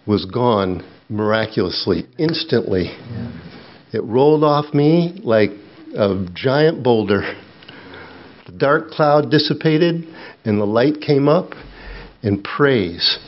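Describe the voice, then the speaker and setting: A middle-aged man preaching a sermon, slow and earnest, dropping low and quiet when he tells his own story. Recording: dull lo-fi sound.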